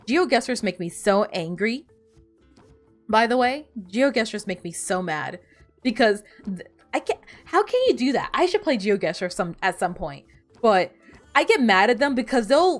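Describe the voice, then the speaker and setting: A woman's voice: medium pitch, moderate pace, faint music behind. Woman streamer rambling casually while she plays, laughs a lot, bouncy voice all over the place. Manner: rambling, animated, laughs often. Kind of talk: casual gaming stream chat.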